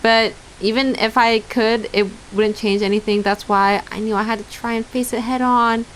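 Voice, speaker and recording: A woman's voice: on the high side, steady tone, moderate pace, a little hiss or hum. A young woman streamer reading visual novel narration aloud, breaking off into giggly casual asides to chat.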